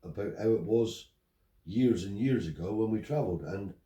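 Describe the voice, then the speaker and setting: A man's voice: lowish voice, normal speed. An older man, telling stories and acting out the dialogue in a casual chat. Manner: animated storyteller acting out dialogue. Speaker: interviewee, Romany Traveller. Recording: roomy, picked up from a distance.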